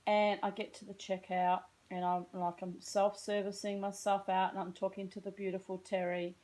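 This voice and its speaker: A woman's voice: medium pitch, flat delivery, moderate pace, a little mellow, poor audio. Rambling, chatty Australian woman. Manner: chatty, tangential, self-mocking, slips into put-on American voices. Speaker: vlogger. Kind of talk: rambling storytelling vlog to camera.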